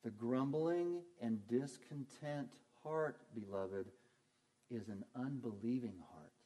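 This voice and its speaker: A man's voice: medium pitch, slow, mellow. A man preaching as pastor, earnest, asking questions and answering them himself. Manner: earnest, asks and answers his own questions. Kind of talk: sermon.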